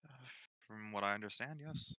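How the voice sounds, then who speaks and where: A man's voice: fairly low pitch, moderate pace, sharp tone, dry recording, rough recording. A man playing a tabletop game, speaking casually and hesitantly with some joking. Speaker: player.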